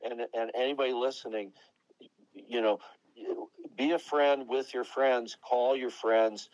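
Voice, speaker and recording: An older man from Long Island, a rock guitarist, giving a guest interview in a digressive, halting way with many restarts. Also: mid-range voice, steady tone, darkish tone, dry recording, highs cut off. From Long Island, New York. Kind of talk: rambling interview talk.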